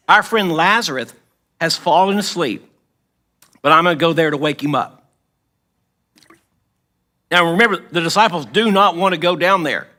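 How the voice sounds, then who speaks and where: A man preaches in church with a high, bright voice that carries. He tells the story with acted-out lines. He often pauses to clear his throat. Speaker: pastor. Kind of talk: sermon.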